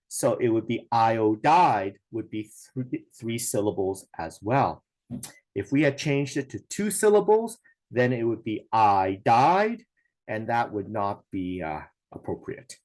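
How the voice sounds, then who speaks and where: A man's voice: mid-range voice, darkish tone, dry recording. A man teaching a science lesson, explaining step by step in a patient way, with a lot of "okay" and "now". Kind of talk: recorded classroom lesson.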